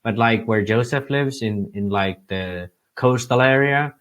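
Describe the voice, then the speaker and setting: Young guy from finland, chill and relaxed, says like a lot, middle pitch. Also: measured pace. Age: young adult. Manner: relaxed, uses lots of filler words. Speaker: podcast guest. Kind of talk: casual chat.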